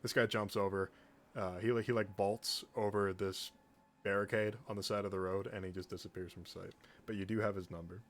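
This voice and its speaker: A man's voice: fairly low pitch, steady tone, brisk. A man running a tabletop game as game master, narrating in a loose, casual way.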